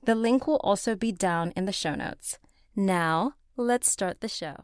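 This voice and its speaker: A woman hosting a podcast, talking in a bubbly, animated way. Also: medium pitch, a little slow, clear, resonant tone, dry recording, clean studio sound. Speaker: podcast host. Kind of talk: podcast host talk.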